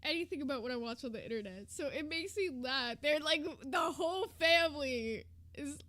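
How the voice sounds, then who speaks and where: A woman's voice: high-pitched, expressive, moderate pace, a bit bright. A woman streamer giving mocking, profane reaction commentary with laughing asides.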